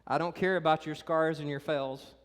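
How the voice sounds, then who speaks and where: A preacher speaking as a gentle savior, low in volume and reassuring in tone. The slightly raised voice rings out in a reverberant church hall. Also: male voice, fairly even intonation, moderate pace, lightly acted. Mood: tender. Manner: soft, tender, reassuring.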